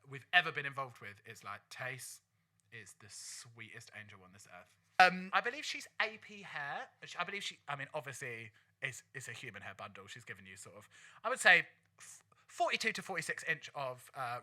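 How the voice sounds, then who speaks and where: A man co-hosting a podcast in a studio, gushing and campy in casual chat with quick asides. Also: mid-range voice, sharp tone. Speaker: podcast co-host.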